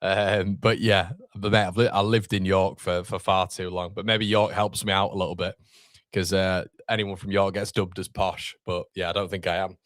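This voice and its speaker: A man's voice: low voice, flat delivery, moderate pace, fairly bright tone, no room sound, studio quality. A young man with a Yorkshire accent hosting a live football watchalong, reading viewer comments aloud and bantering casually. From Northern England.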